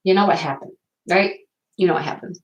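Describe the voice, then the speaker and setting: A woman's voice: lowish voice, brisk, low-quality recording. A middle-aged woman hosting a casual livestream, rambling and chatty as she answers viewer comments. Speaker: livestream host.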